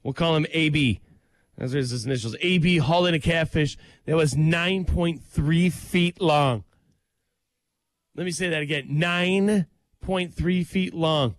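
A man co-hosting a casual chat, telling stories in an excitable, animated way. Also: fairly high pitch, normal speed, no echo. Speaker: co-host.

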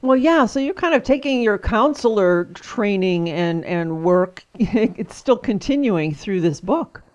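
Female radio host, gentle and conversational, affirming in tone. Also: mid-range voice, expressive, unhurried, dull audio. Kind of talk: radio interview.

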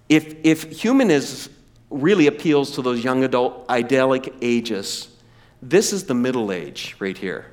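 A male preacher delivering a lively sermon in a high, sweeping voice. He acts out the quoted speakers with dramatic swings in pitch. Now and then he calls on his audience to say a word back to him. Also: normal speed. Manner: animated, acts out quoted voices, asks the audience to repeat words. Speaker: pastor.

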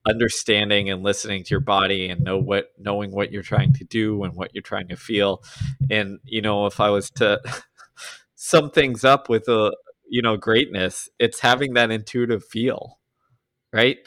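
A man's voice: fairly low pitch, steady tone, normal speed, a bit bright, no echo. A man co-hosting a podcast who explains his ideas reflectively and casually, often leaning on "like". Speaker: podcast co-host. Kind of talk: casual discussion.

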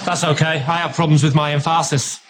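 A man's voice: a little high, flat delivery, fairly quick, lightly acted. An actor playing a polite male speech therapist who stresses the wrong words, in a comedy sketch clip. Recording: comedy sketch clip with loud clicks and noise.

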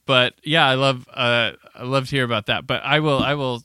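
A podcast host talking casually and quickly, handing the topic over to his guests. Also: medium pitch, sharp tone, clean tone, no room sound, clean studio sound. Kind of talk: casual chat about a film.

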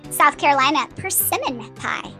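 A woman co-hosting a podcast, reading a list rapid-fire in a bubbly, giggly way. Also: sits high, expressive, pushed and bright, soft background music.

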